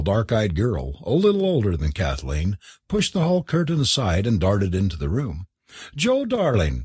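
Man, audiobook narrator, very husky, low voice, dry close sound. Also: no echo. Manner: expressive storytelling, character voices.

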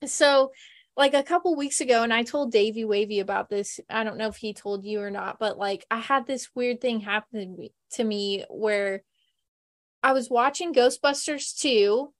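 A woman's voice: on the high side, moderate pace. A woman hosting a podcast, telling stories in a chatty, casual way with frequent laughs. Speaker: podcast host. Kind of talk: casual chat.

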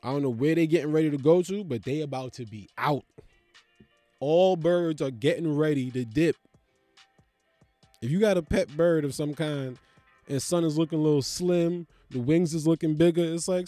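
A man from the United States delivering a profane, incredulous comedic rant, with loud, animated jumps in his delivery. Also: on the high side, moderate pace, no echo, soft background music.

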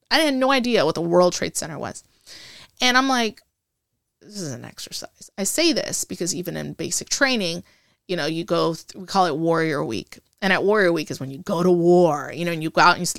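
A woman in her forties, an interview guest, telling a story from her past in an animated, chatty way. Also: fairly low pitch, brisk, gravelly, no echo, studio quality. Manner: animated storyteller who acts out remembered dialogue. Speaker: interview guest, Air Force veteran.

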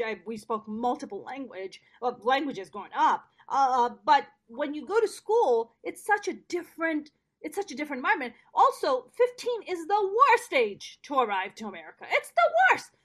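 A woman from Pakistan, a guest in a casual interview, telling stories in an animated, joking way. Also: high voice.

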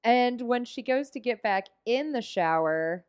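A woman's voice: fairly high pitch, expressive, unhurried, a little mellow, clean tone, lo-fi sound. A woman in casual chat, recapping a movie with jokey asides, swearing and acted-out quotes.

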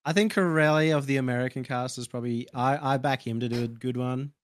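A man's voice: mid-range voice, fast, no echo. Laid-back Australian man, dry sound. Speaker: podcast co-host. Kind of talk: casual podcast chat.

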